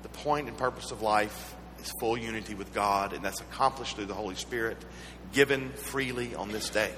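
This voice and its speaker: A man with a Southern American accent preaching a sermon, mixing earnest teaching with personal stories and gentle humor. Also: on the low side, normal speed. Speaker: pastor. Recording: echoey hall with faint hum.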